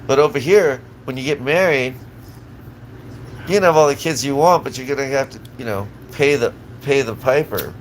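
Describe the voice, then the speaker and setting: Casting: man, live-streamer, swearing, rambling agitated rant, mid-pitched. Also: moderate pace, slight background noise, rough recording. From Southern California. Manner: profane, agitated, rambling with frequent restarts.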